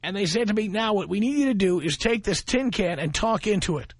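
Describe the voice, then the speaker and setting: Male radio host, high-ish voice, husky edge, brash and boastful, studio mic. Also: expressive, a little fast, no room sound. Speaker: radio talk show host. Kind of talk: radio talk monologue.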